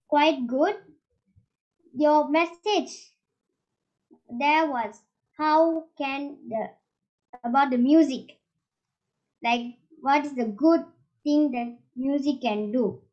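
A young woman giving an earnest, halting evaluation of a club speech. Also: sits high. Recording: dull lo-fi sound.

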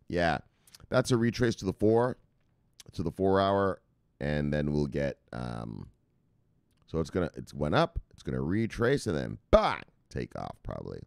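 A man's voice: deep voice, darkish tone, clean tone, no echo, studio quality. A man hosting a crypto news channel, chatting casually and rambling as he reacts to market charts, swearing often and getting hyped. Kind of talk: casual chat, live market commentary.

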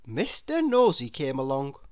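A woman reading a children's picture book aloud in a slow, expressive, sing-song storytelling voice. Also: rumbling low, no echo. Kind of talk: children's read-aloud narration.

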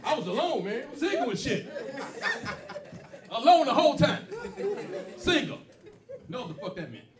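High-pitched animated stand-up comedian. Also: male voice, normal speed, long pauses. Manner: loud animated storytelling with acted-out quotes. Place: comedy club stage. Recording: roomy club sound from a distance with loud crowd laughter. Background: audience laughing.

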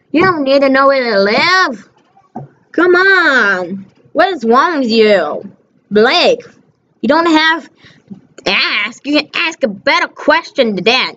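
A woman delivers a rambling rant straight to the camera, her voice pitched high. She scolds and swears, circling back to the same complaints again and again. The recording sounds muffled and lo-fi. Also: fairly bright tone. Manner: scolding, profane, repetitive. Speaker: channel host. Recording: dull lo-fi recording.

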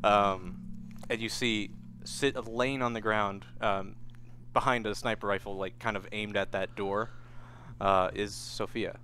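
A man narrating as game master of a tabletop game, in a relaxed, halting way with many fillers. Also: lowish voice, slight background noise.

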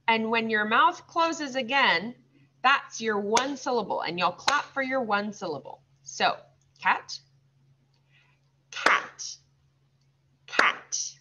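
A woman teaching second graders, sounding out words slowly and patiently. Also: on the high side, bright, forceful tone, a little hiss or hum. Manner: slow, drawn-out modeling of words. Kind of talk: recorded classroom lesson. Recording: slightly dull lo-fi recording.

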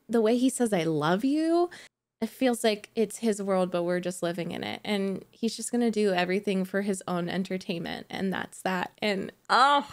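A young woman casually chatting as she reacts to a game, gushing and enthusiastic with plenty of likes and ums. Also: medium pitch.

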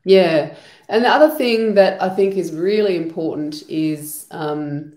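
A woman with a somewhat low voice explains her work in a loose, chatty way, often pausing on "you know." She is on a video call. Her sound carries the echo of the room around her. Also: darkish tone. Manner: chatty, thinks aloud with many "you know" asides. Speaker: EFT trainer and trauma practitioner guest. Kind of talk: casual explanatory interview talk. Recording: echoey room.

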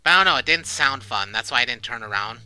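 Bright, clear-voiced young male gamer. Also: medium pitch, lively intonation, fast talker, dry recording, faint music behind, rough recording. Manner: panicky shouting and swearing while playing, then casual rambling review. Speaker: gaming channel host. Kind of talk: horror game let's play commentary.

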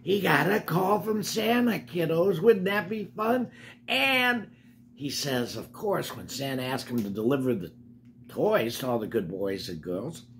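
A man's voice: fairly high pitch, lively intonation, a little slow, fairly bright tone, a little hiss or hum. An older man reading a picture book aloud to children, breaking off for chatty asides to the kids. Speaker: storybook reader.

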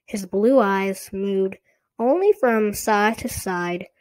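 A woman narrating a storybook slowly and deliberately. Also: mid-range voice, a little mellow.

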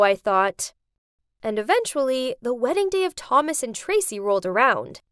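Young female narrator, high-pitched and dramatic, dry read for an animated story. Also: moderate pace, clean tone, dry recording. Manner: dramatic, expressive.

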